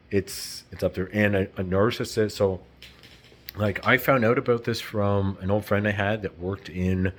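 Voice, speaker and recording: Low husky man ranting. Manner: rambling, profane, heated. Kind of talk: casual unscripted monologue.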